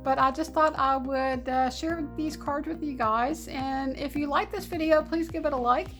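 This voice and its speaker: A woman's voice: sits high, moderate pace, a bit bright, soft background music. A woman, hosting a crafting vlog at home in a bubbly, giggly way. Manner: bubbly, giggly, sweet-talking. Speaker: papercraft channel host. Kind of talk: casual vlog chat.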